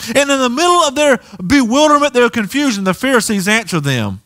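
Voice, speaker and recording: Animated high-voiced Southern preacher. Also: male voice, a little fast. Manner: animated preaching, rising to near shouts. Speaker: pastor. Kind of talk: sermon. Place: church sanctuary.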